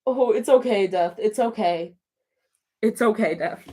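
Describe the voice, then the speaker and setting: A woman streamer chatting casually with her live chat. She answers questions on the fly, talks in a loose, chatty way and often restarts with a flustered laugh in her voice. Her voice sits at an ordinary middle pitch. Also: unhurried, dark tone.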